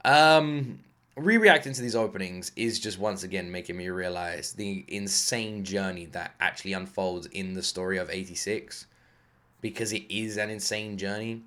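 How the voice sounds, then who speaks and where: A man hosting an anime reaction video, talking in a rambling, excitable way, swearing freely and fighting off a lingering cough. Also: low-pitched, moderate pace. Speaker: anime reaction channel host. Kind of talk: casual reaction commentary.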